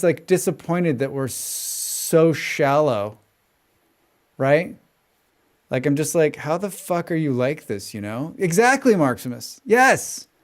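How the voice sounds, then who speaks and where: A man's voice: on the high side, darkish tone. A young man chatting with viewers during a live gameplay stream, talking casually, swearing freely and rambling into rants.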